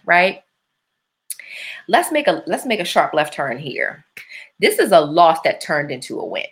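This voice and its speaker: Animated woman telling stories, lower voice. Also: unhurried, long pauses. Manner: animated storytelling with playful put-on voices and asides to listeners. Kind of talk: casual reflective monologue.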